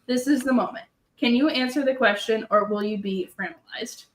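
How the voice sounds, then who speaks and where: Woman, stream host, reads gamebook aloud, animated, joking, higher voice, roomy echo. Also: normal speed. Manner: animated, joking, laughs often.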